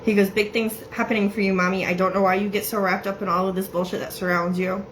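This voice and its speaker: A woman giving a casual psychic reading, chatty and laughing often as she quotes messages in quick bursts. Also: medium pitch, little pitch movement, slight background noise, poor audio. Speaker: psychic medium.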